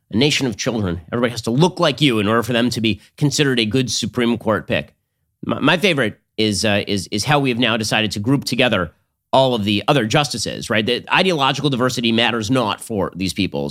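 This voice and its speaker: A man's voice: medium pitch, a bit bright. A man hosting a political commentary show, talking in a sarcastic, combative monologue. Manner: sarcastic, rapid-fire, combative.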